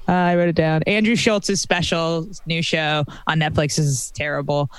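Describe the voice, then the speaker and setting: A woman's voice: low voice, fairly even intonation, moderate pace, smooth, no echo. A woman in her twenties co-hosting a podcast, chatting loosely and wryly with lots of "like" fillers. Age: 20s. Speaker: podcast co-host. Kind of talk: casual comedic chat.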